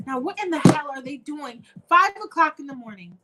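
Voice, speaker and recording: A woman's voice: high-pitched, expressive, slow pace, very noisy, pitched above the performer's own voice. A woman voicing an anxious, short-tempered young mother calling out for her daughter. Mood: irritated.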